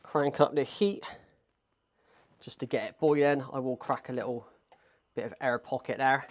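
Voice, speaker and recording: A man's voice: mid-range voice, fairly even intonation, moderate pace, a little hiss or hum. A man with a strong Bristolian accent, chatting casually and swearing as he cooks in his kitchen for a vlog, calling viewers mate. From England. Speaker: vlogger. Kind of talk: casual vlog chat while cooking. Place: home kitchen in a flat. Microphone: small wireless clip mic.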